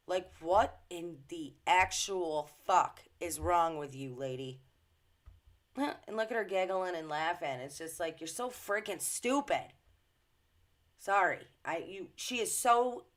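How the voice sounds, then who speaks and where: A woman with a slightly low voice gives blunt, indignant reaction commentary. She rants straight at her viewers with no polish. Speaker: commentary vlogger.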